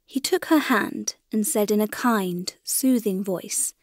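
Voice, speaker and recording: A female audiobook narrator reads scripted text in steady, measured storytelling. Her voice sits at medium pitch, and the clean studio recording has no echo.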